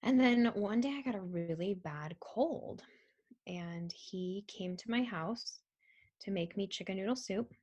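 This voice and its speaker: A young woman telling a personal story in a halting, soft-spoken way, with frequent pauses and ums. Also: mid-range voice, dull audio. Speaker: survivor telling her story. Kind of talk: personal testimony.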